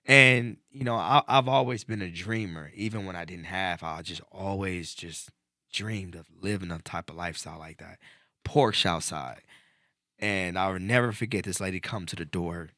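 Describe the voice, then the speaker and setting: Deep-voiced man telling a story. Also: moderate pace, no echo, studio quality. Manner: animated storyteller, voice climbing when excited. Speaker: podcast host. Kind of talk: casual storytelling chat.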